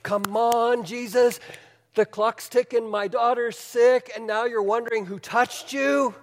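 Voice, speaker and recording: A man's voice: extremely high pitch, fairly even intonation, unhurried, long reverb tail, voice pushed up. A man preaching, voicing a worried adult father who urgently presses to hurry along. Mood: impatient. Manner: urgent, pleading.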